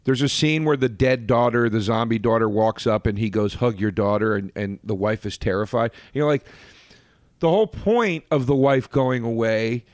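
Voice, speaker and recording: A man co-hosting a podcast in casual chat, animated, often restarting sentences and jumping up in pitch for emphasis. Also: normal speed, no room sound, clean studio sound. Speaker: podcast co-host.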